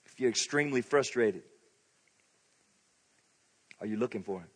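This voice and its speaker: A man's voice: medium pitch, normal speed, fairly bright tone, slightly rough. A male pastor preaching a sermon in a conversational, storytelling way, with frequent laughs. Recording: long reverb of a large hall.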